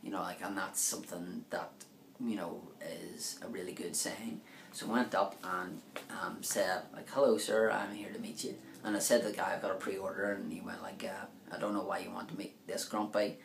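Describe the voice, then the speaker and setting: A man's voice: deep voice, little pitch movement, normal speed, vocal fry. A man telling stories casually to camera, rambling with lots of fillers and acting out what people said. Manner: rambling, chatty, many fillers, acts out quoted lines. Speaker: vlogger. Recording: echoey room with faint ambient noise.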